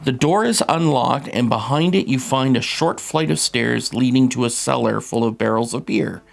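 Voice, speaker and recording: A man's voice: mid-range voice, moderate pace, creaky. A man hosting a tabletop game, reading the scenario aloud and explaining rules patiently.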